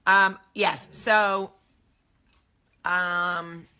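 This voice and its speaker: A woman with a New Jersey accent talks straight to her viewers in a casual, confiding way. Her voice is bright and forceful and sits a little low. She wanders into asides before coming back to her point. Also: animated, unhurried. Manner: chatty and confiding, trailing off into asides. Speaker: host. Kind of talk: casual chat to camera.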